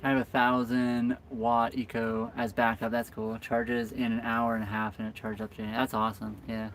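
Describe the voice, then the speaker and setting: A man's voice: medium pitch, monotone, moderate pace, fairly bright tone, slight background noise. A man hosting a live stream from his sailboat, chatting casually and answering viewer comments. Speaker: boat vlog host.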